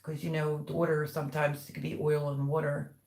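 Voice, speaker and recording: A woman's voice: sits low, little pitch movement, brisk, gravelly, a little mellow, echoey room. An older woman hosting a live stream, telling rambling family stories and reading out viewers' comments in casual chat. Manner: chatty, rambling storytelling. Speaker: livestream host.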